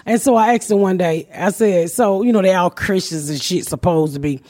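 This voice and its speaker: A woman's voice: lowish voice, normal speed, dark tone. A middle-aged woman hosting a podcast, telling brash, profane stories in casual chat and often breaking into laughter. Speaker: podcast host.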